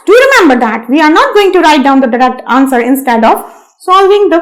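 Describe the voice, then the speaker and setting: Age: adult. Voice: very high-pitched woman. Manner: slow, emphatic teacher. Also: sing-song, rough recording. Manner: slow, emphatic, repeats key words; addresses listeners as dear students. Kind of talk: classroom lesson for young children.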